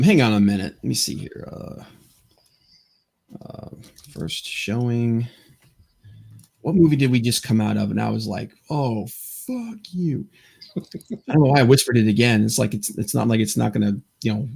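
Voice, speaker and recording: A man's voice: medium pitch, creaky, husky. Rambling, stammering podcast host man. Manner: rambling, stammering, lots of fillers. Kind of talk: casual chat.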